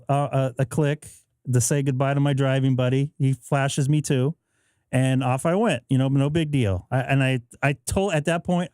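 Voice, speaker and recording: Broadcasting live from his home radio shack, a male host with a slightly high, darkish, clean voice chats casually and acts out both sides of a story. The sound is clean studio quality, with no echo.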